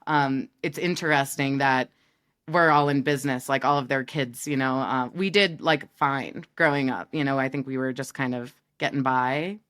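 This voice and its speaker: A woman's voice: rumbling low, fairly even intonation, moderate pace, fairly bright tone. A woman in her thirties from New York, chatting as a guest, teasing and laughing often. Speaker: guest, business partner. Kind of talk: casual chat.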